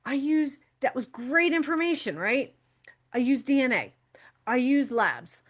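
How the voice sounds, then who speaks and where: Her voice is high and sing-song, a little slow. She's a health coach hosting her own podcast, talking frankly and chattily, laughing a lot, dropping casual swears and stretching words to stress them.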